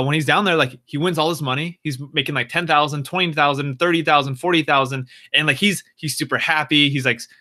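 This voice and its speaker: A man casually improvising a story on a live stream, halting and repeating words with frequent fillers. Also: mid-range voice, pushed and bright.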